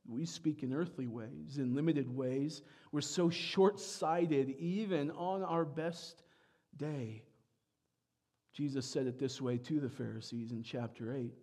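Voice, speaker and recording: A pastor preaching a sermon, moving from quiet reflection to loud, emphatic peaks. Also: male voice, mid-range voice, fairly even intonation, moderate pace.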